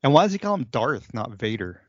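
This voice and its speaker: Lively joking man, podcast co-host. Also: mid-range voice, fairly quick, no room sound, dull audio. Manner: joking, teasing. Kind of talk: casual chat.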